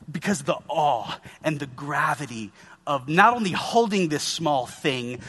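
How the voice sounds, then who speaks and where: A man's voice: a little high, a bit bright. A man in his thirties preaching a sermon in an earnest, conversational way, speaking to his listeners as guys. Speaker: pastor.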